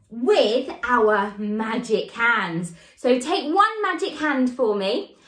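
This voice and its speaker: Woman, high lilting voice, unhurried, roomy echo, toddler sign lesson. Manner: animated, sing-song and encouraging. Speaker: baby sign language teacher. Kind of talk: children's sign language lesson.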